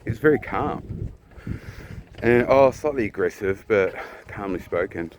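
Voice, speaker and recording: A man from New Zealand telling a personal story in a blunt, profane, casual way, often clearing his throat. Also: lowish voice, animated, a little slow, slight background noise.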